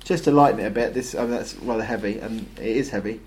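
A man's voice: on the low side, quick pace, darkish tone, slight background noise. Man preaching with lots of ums. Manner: conversational, with many ums and uhs. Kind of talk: sermon.

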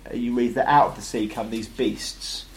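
A man preaches in a loose, conversational way. He hesitates often with ums and uhs. His voice sits at an ordinary middle pitch. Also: steady tone, moderate pace, a little hiss or hum. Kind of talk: sermon.

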